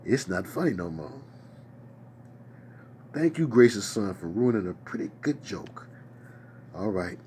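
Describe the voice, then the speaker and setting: Low male host, very expressive, casual desk chat with faint background hiss. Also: a little slow, pauses often. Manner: animated, exclamatory, reads viewer comments aloud. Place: at a desk at home.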